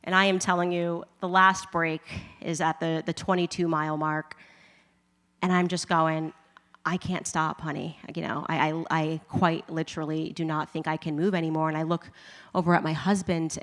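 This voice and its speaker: A woman's voice: sits low, level tone, moderate pace, fairly bright tone. A woman giving a humorous personal testimony to a live audience, laughing often and acting out her own thoughts. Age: adult with a husband and kids. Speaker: speaker giving a conversion testimony. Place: large event hall. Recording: long hall reverb from a live event.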